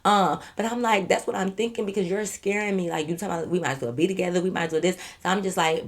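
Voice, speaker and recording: A woman with a slightly low voice tells a story to her camera in a casual vlog. She is animated and blunt, swears freely and keeps turning to her audience. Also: fast, few pauses. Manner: addresses viewers directly. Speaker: YouTube storyteller.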